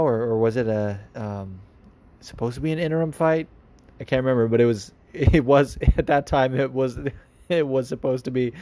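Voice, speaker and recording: Fielding listener questions, this male podcast host wanders through loose, chatty answers full of filler words, restarts, and frequent laughter. His medium-pitched voice is a little mellow.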